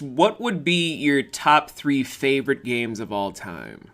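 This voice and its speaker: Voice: medium pitch, expressive, takes it slowly, fairly bright tone. A podcast host interviewing a guest in casual chat, joking and drifting into tangents. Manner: jokey, goes off on tangents.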